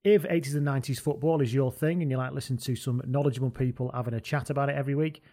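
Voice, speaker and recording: A man's voice: medium pitch, fairly even intonation, racing, dark tone. A man hosting a rugby podcast in casual chat, jokey and rambling. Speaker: podcast host.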